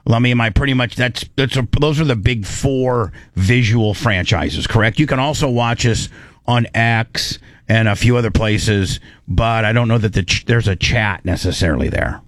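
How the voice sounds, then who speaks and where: Host, male, mid-pitched, rambling and casual, close dry mic. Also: no echo. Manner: rambling, restarts often, slows to stress points. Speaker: radio show host. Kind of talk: casual on-air talk.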